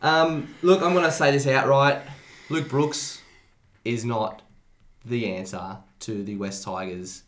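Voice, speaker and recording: A man, co-hosting a podcast in casual sports chat, blunt and animated. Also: medium pitch, takes it slowly. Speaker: podcast co-host. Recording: roomy studio echo.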